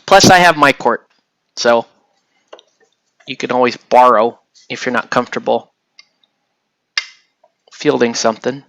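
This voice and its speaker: A man's voice: medium pitch, a little slow, long pauses, fairly bright tone. A man from the United States chatting casually with live viewers while painting miniatures, rambling and swearing lightly as he answers the chat.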